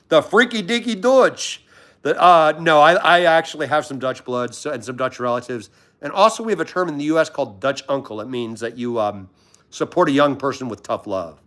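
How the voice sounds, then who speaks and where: A man's voice: a little high, fairly bright tone. A man from Washington, D.C., hosting a casual livestream, chatting in a friendly, rambling way and greeting viewers by name. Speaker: livestream host. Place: at home in pajamas.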